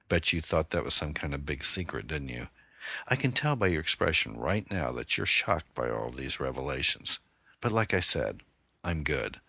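A man's voice: rumbling low, bright, forceful tone, husky, no room sound, heavily acted. A man reading the part of a controlling male stalker, voiced with cold, mocking menace.

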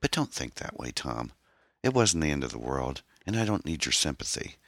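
A man voicing a troubled young woman, an orphan who talks in a hesitant, halting, pained way. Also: very deep voice, big pitch swings, gravelly, a bit bright, dry recording, studio quality, exaggerated voice. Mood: guarded, pained.

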